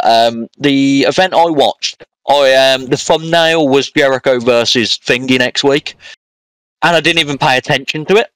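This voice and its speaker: A man's voice: medium pitch, fairly bright tone, smooth, no echo. A man co-hosting a podcast, chatting casually and rambling through a wrestling show recap with lots of fillers. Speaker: podcast co-host. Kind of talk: casual wrestling review chat.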